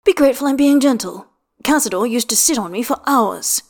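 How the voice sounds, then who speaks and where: A woman's voice: fairly high pitch, expressive, fairly quick. A woman voicing a blunt, teasing male ex-Olympian skating coach in a storybook reading, with dry, bossy banter.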